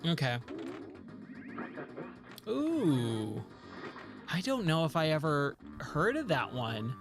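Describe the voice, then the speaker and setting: A man's voice: a little high, big pitch swings, takes it slowly. A man in his thirties chatting casually while playing arcade games, rambling and easily sidetracked. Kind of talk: casual chat while gaming. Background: game music.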